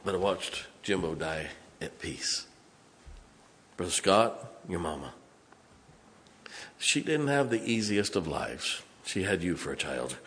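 Male pastor, very low voice, folksy sermon stories, faint room hiss. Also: lively intonation, takes it slowly, pauses often. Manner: folksy, swings from loud to hushed. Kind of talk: storytelling sermon. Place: church sanctuary.

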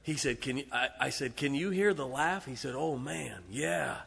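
Male pastor, sermon, bright husky voice, emphatic, laughs between lines. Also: mid-range voice, animated, moderate pace. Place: large church auditorium. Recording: long hall reverb.

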